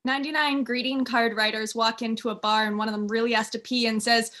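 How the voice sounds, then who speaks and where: A woman improv player telling quick jokes and acting out the quoted voices. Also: a little high, steady tone, a bit bright.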